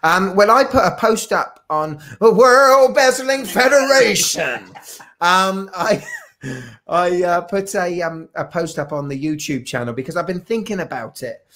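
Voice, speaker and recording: A man's voice: sits high, normal speed, bright, forceful tone. Joking man on a live call. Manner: jokey, rambling, many restarts and fillers. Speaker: guest watch collector. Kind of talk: casual live-stream chat. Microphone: video call.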